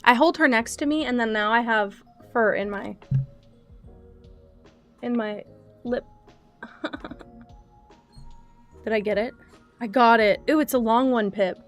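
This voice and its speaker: A young woman chatting casually on a livestream, soft-spoken and quick to laugh as she talks to her cats and her chat. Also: a little high, soft background music.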